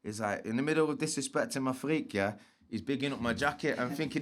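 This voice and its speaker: A man's voice: medium pitch, lively intonation, fast talker. A man, a guest telling street stories in a slangy, swearing style and acting out quotes. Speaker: interview guest. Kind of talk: casual storytelling.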